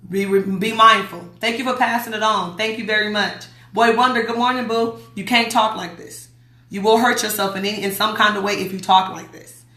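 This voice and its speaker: A woman from Las Vegas talks straight into her phone on a livestream, blunt and emphatic, hammering home her warnings. Her voice is bright and forward, and the room around her is echoey. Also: medium pitch, fairly even intonation, normal speed. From Las Vegas, USA. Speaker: host. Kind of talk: livestream talk reading viewer comments.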